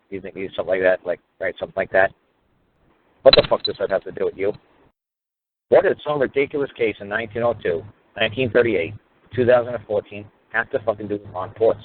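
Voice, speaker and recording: A man's voice: fairly low pitch, fast talker. A man hosting a call-in talk show, blunt and sarcastic, breaking into profane rants. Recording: tinny phone-line sound with faint noise.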